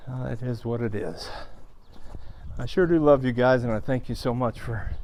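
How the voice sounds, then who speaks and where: A man's voice: mid-range voice, moderate pace, a little mellow. A middle-aged man talking to viewers on a walk, out of breath and subdued, with sighs and restarts. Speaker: vlogger. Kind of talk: casual vlog monologue.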